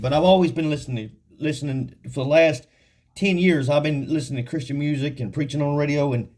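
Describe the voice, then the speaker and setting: A man's voice: on the high side, darkish tone. Folksy, storytelling man teaching scripture. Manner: storytelling, folksy, laughs often; reads scripture slowly and deliberately. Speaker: Bible teacher. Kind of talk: casual Bible study teaching.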